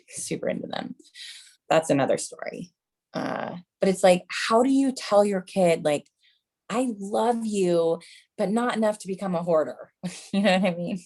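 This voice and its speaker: A woman in her thirties, her mid-range voice carrying a darkish tone, does a stand-up routine. She's chatty and pokes fun at herself with mom jokes, often calling the crowd "you guys."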